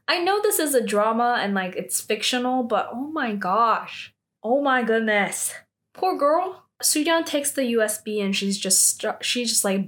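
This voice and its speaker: A woman casually recapping a TV drama episode, chatty and animated, with lots of fillers and acted-out quotes. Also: fairly high pitch.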